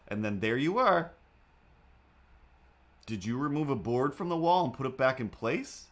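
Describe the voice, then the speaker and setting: A man's voice: medium pitch, normal speed. Rambling, playful man on a live stream. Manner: animated, playful, slips into silly voices. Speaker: streamer drawing comics.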